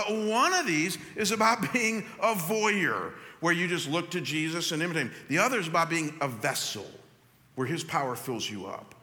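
A man preaching a sermon as pastor, talking straight to his congregation in an animated way. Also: on the high side. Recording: long hall reverb.

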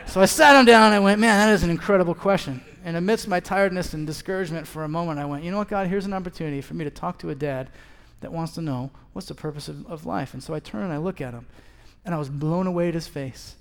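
A man's voice: a little high, fast, gravelly, few pauses, fairly bright tone. A man in his thirties preaching a sermon as a pastor, telling a story and acting out both sides of the conversation. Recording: long hall reverb.

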